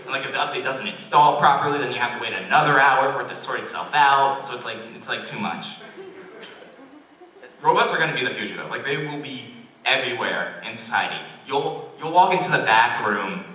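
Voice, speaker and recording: An awkward young man performs self-deprecating stand-up in a college comedy club, often stumbling and restarting his sentences. His tone is bright and forward, but he sounds far from the mic. The room adds heavy echo, with faint noise underneath. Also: medium pitch, brisk. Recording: roomy distant club recording. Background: audience laughter.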